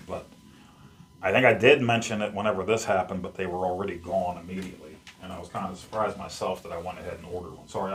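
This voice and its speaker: A man's voice: on the low side, a bit bright, a little hiss or hum. A man hosting a casual unboxing vlog at home, chatting in a rambling way as he handles the gear. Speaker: YouTube host. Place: at home among his game collection.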